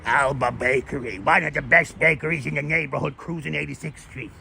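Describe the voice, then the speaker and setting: A man imitating a gruff local Brooklyn man, in a lower, drawn-out voice as he touts neighborhood spots. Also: fairly even intonation, pushed and bright, a little hiss or hum, heavily acted. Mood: boastful. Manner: lower, slower, exaggerated drawl.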